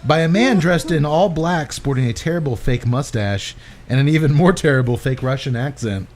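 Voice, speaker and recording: A podcast host recaps a movie in casual, laugh-filled chat, his fairly high-pitched voice moving at a moderate pace. He tells the story in an animated way, laughing as he goes.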